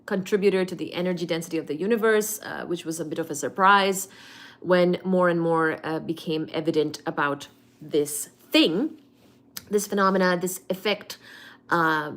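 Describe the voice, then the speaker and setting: A woman's voice: lowish voice, moderate pace, fairly bright tone. A woman hosting a late-night livestream, chatting and greeting viewers by name before explaining cosmology with many fillers. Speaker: livestream host teaching physics.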